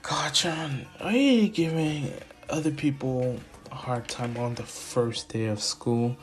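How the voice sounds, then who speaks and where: A man doing an earnest, soft-spoken hero student. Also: mid-range voice, takes it slowly, soft background music, lightly acted. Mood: polite. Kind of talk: fan story retelling.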